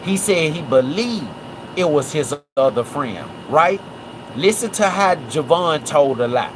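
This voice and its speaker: Animated man on a livestream. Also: on the high side, a little slow, background noise. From Memphis. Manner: animated, repeats "right?" and "watch this". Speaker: livestream host. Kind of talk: casual livestream commentary.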